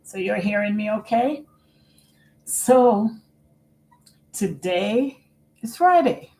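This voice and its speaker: A middle-aged woman live-streaming on her computer at home, talking slowly and earnestly about caring for her father and often repeating herself. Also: mid-range voice, expressive, darkish tone, rough recording. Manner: slow and earnest, repeats phrases. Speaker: vlogger and family caregiver. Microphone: computer microphone.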